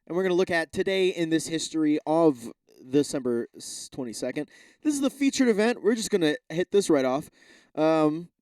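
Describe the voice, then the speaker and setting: Profane rambling young podcast host. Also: male voice, on the high side, a little mellow, no room sound. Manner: rambling, swears often, stumbles over read-aloud text. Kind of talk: casual solo podcast chat.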